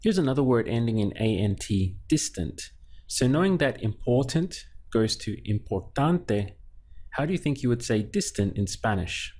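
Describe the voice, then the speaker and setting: A slightly mellow man's voice at medium pitch moves through big pitch swings at a normal pace. He's teaching a slow, clear language lesson, patiently splitting words into syllables and repeating them.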